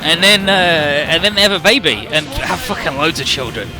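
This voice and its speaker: A man's voice: fairly high pitch, animated, normal speed. Rambling, swearing young man streaming. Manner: rambling and profane, with chuckles. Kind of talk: casual gaming commentary. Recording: game music behind. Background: game music.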